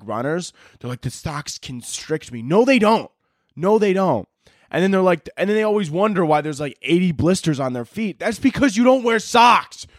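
A man's voice: high voice, a bit bright, no echo, studio quality. A young man hosting a podcast on his own, ranting sarcastically with lots of swearing. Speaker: podcast host. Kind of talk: solo comedic rant.

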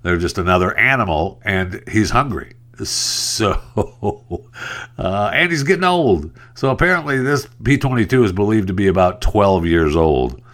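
A man's voice: on the low side, lively intonation, unhurried, a bit bright. A man hosting a podcast who rambles through a casual monologue, cracking jokes and chuckling to himself. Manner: rambling, joking, chuckling asides. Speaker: podcast host.

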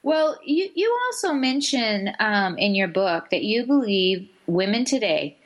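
A woman radio talk show host in a middle pitch range. She speaks in a relaxed, conversational way and often restarts her sentences while leading the interview. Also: measured pace. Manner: chatty, with many fillers and restarts.

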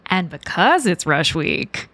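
A woman's voice: on the low side, sing-song, slow, a bit bright, no echo, studio quality. A woman co-hosting a podcast in casual chat, laughing often and talking playfully. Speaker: podcast co-host.

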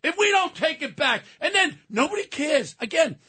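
A man in his seventies ranting angrily on a political talk radio show, often shouting. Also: very high voice, very animated, normal speed. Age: 70s. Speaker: radio co-host.

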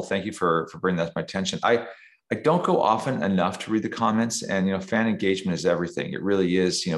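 A man with a very deep voice answers interview questions slowly and reflectively, stumbling through fillers. His voice carries a roomy echo. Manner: halting, reflective, many fillers. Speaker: guest composer. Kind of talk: interview conversation.

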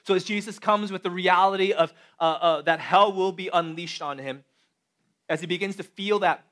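Animated, higher-voiced man preaching. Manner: conversational, animated, addresses the audience directly. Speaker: pastor. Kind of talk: sermon.

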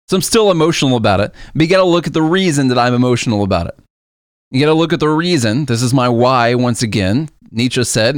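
A man making his case in a casual monologue, earnest and a little insistent, circling back to repeat his key points. His voice sounds smooth and resonant at an average pitch. The recording is dry and close, with no room sound. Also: no echo.

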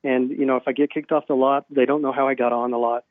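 A male self-published author, appearing as a guest in a casual storytelling interview, rambles through long anecdotes, acting out every quoted exchange and leaning on ums and you-knows. He talks fast in a flat, mid-range voice over a narrow, phone-like line that sounds very dry, with no echo or room around it.

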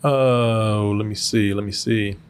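A man's voice: on the low side, steady tone, takes it slowly, clear, resonant tone. A man co-hosting a podcast in casual comedic chat, laid-back and swearing casually, laughing often. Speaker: podcast co-host.

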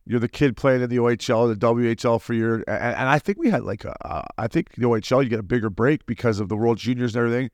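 A man in his forties, a former hockey player co-hosting a podcast, telling stories in a lively, casual way and acting out quotes. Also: medium pitch, no room sound, studio quality. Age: 40s. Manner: fast, animated storyteller who acts out quotes. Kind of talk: casual storytelling chat.

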